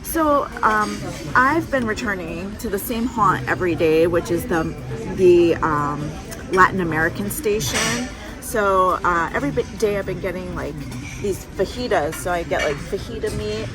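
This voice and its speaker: A woman's voice: mid-range voice, animated, moderate pace. A woman hosting a casual travel vlog, chatty and frank, complaining with humor. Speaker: vlog host. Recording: music playing underneath.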